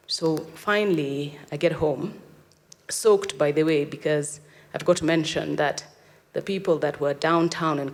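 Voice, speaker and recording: A woman's voice: sits low, gravelly. A woman from Kenya with a Kenyan accent, giving a dramatic storytelling talk and acting out the voices she quotes. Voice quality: vivid, acts out quoted voices. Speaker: speaker. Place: event hall. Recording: long reverb of a hall.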